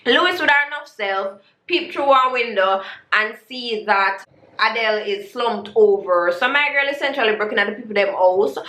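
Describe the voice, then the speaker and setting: A woman's voice: on the high side, normal speed, sharp tone. A woman, telling a story in a casual, sarcastic way with creole grammar, like a vlogger reviewing a show. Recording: echoey room.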